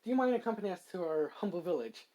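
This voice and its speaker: A man's voice: sits high, expressive, rapid-fire, dark tone. Deferential scrawny goblins, voiced by a man.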